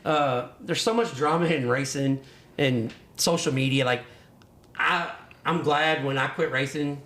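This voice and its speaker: A man's voice: medium pitch, measured pace, a bit bright. A man hosting a casual podcast chat, a former racer who talks loosely, laughs often and swears casually. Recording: echoey room.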